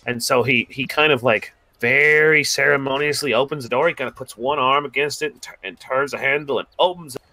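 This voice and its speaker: Bright-voiced male game master. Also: medium pitch, brisk, hardly any pauses, no echo. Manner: casual, rambling descriptive narration. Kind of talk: narrating a tabletop game.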